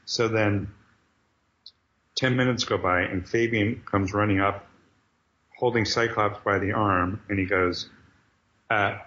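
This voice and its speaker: A lower-voiced man, a guest in a casual interview, spinning animated, joking anecdotes. The recording sounds dull and lo-fi. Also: a little slow, long pauses. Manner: animated anecdote teller, jokey. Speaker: guest, comic book writer.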